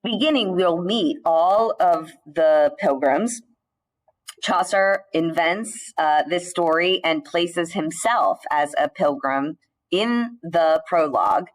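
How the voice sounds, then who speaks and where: In a recorded slide lecture with poor audio, a female teacher with a fairly low pitch explains things in a measured way. Now and then she uses a filler or restarts a sentence.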